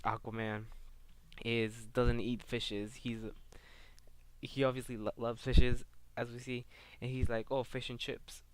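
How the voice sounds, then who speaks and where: A man talks through a comic book issue in a relaxed video review, rambling from one scene to the next. His voice is smooth and clear but stays flat, with little rise and fall. He fills his pauses with "um" and "like". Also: medium pitch. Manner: rambling, heavy on fillers like "um" and "like".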